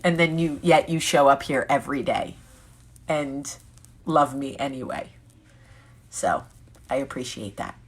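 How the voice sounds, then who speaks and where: Woman, 40s, host, low husky voice, candid and jokey with her viewers. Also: a little slow, long pauses. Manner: candid, joking and chatty, reading comments aloud. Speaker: vlog host. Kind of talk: casual live chat with viewers.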